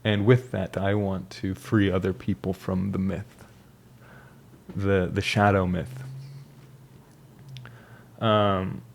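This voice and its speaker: A man's voice: sits low, flat delivery, slow, creaky, long pauses, a little hiss or hum. A young man talking casually and reflectively about his life, rambling with restarts and fillers. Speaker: vlogger. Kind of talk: casual personal monologue.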